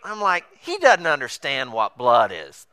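A man's voice: mid-range voice, wildly swooping pitch, a little slow, bright, forceful tone, smooth, no room sound. A man telling a funny mission-trip story as a sermon, acting out the voices of people and laughing as he goes.

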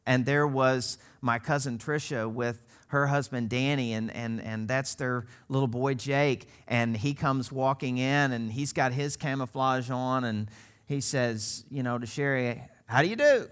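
A man's voice: mid-range voice, steady tone, a little slow, clean tone. A middle-aged man from Missouri preaching a sermon as pastor, telling stories with laughs and quoted voices. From Missouri, United States.

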